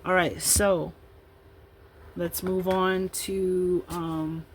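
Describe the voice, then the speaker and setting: A woman's voice: lowish voice, level tone, very slow, a little hiss or hum, rough recording. A woman in her fifties from Illinois giving a casual tarot reading, chatting and rambling in asides between the cards she reads aloud. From Illinois, USA. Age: 50s. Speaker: tarot card reader.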